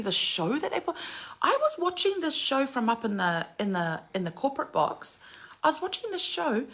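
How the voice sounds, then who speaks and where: Gushing woman with a gravelly, husky voice. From Samoa. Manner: gushing, animated storytelling with sudden high exclamations and whispered asides. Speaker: singer and entertainer vlogger. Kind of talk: casual chat to camera.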